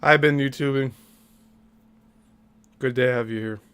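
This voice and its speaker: A male podcast host talking at a middle pitch as he picks apart someone's claims. He speaks in a pointed, critical way, often turning to a co-host to make an aside. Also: steady tone, a little slow, a bit bright, clear, resonant tone. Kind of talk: commentary podcast.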